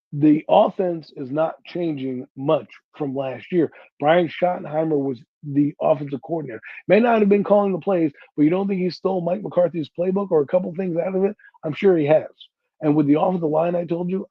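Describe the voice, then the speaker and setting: Husky, higher-voiced man talking sports. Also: no room sound. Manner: emphatic, keeps checking in with "okay?" and "right?", swears casually. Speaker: podcast co-host. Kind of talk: casual sports talk. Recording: dull lo-fi sound.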